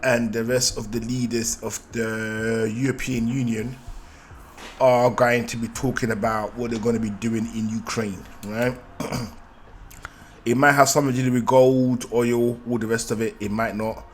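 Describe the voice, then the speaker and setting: A man's voice: mid-range voice, flat delivery, measured pace, a little hiss or hum. A man giving a live market analysis, thinking aloud and repeating phrases, often checking in with "right?". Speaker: trading analyst.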